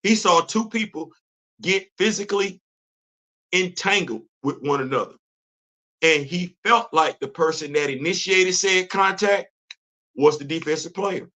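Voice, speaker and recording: Bright-voiced, high-pitched ranting male host. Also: a little slow. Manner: emphatic, exasperated, loose slangy talk. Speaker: podcast host. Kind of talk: casual commentary rant.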